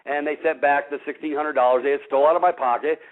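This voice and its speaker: A radio host from Missouri talks fast in a slightly high, steady voice, addressing his listeners as "folks" in a blunt, combative monologue. The audio is tinny, like a phone line on radio.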